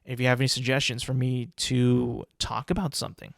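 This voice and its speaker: A man's voice: medium pitch, little pitch movement, brisk, vocal fry, no room sound, clean studio sound. A young man hosting a solo podcast, ranting casually with lots of swearing, fillers and restarts. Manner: rambling, profane, many fillers and restarts. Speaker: podcast host.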